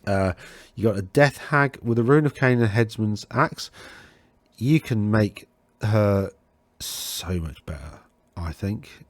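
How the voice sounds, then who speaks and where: Man, low voice, dry recording, casual wargame host, rambling, self-correcting. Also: animated, slow pace, no room sound. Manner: rambling, self-correcting, talks to himself while browsing. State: tickly throat. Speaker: host of a tabletop wargame podcast. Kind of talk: casual talk over game lists.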